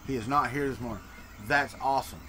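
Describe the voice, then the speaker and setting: Talking fast in a mid-range voice that sounds pushed and bright, with slight background noise, this man hosts a casual live stream. He's from Florida in the Deep South, speaks with a Southern American accent, and jokes with his audience as he reads and answers chat.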